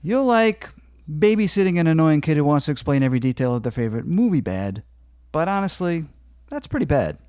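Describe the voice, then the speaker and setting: A man's voice: a little high, big pitch swings, brisk, darkish tone, smooth, no echo, clean studio sound. A man playing a snarky, bored devil with a sarcastic, wry delivery.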